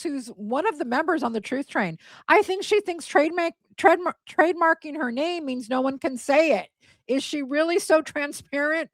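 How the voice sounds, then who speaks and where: A woman's voice: a little high, gravelly, fairly bright tone, no echo. A woman in her forties hosting a casual live stream, chatty and blunt, scornful as she reads viewer comments aloud. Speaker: host.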